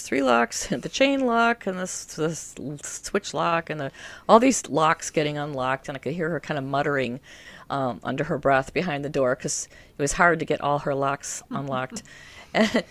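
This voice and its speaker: A woman telling a personal story to an interviewer, animated and laughing often. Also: low voice, moderate pace, no room sound.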